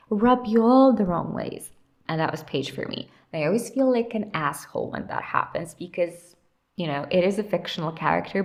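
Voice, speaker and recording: A young woman giving casual, opinionated commentary as she ranks characters, blunt and sarcastic, talking to herself while she sorts. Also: lowish voice. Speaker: YouTuber ranking TV characters.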